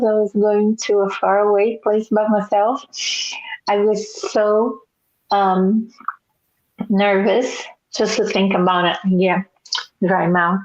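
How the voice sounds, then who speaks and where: A woman in a casual chat, telling a personal story in an animated way, laughing often, over a video call. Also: medium pitch, slow pace, long pauses. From Nebraska, US. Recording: dull lo-fi audio.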